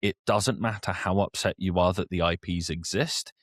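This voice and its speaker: A man's voice: sits low, fairly even intonation, moderate pace, no room sound, clean studio sound. A man co-hosting a casual podcast, talking in an opinionated, conversational way. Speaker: podcast co-host.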